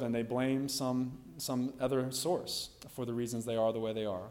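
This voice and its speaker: A man delivering a sermon, his voice sitting in a middle pitch. He explains scripture in an earnest, conversational way and often drops in "you know" as he talks. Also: little pitch movement, normal speed, darkish tone. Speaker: preacher.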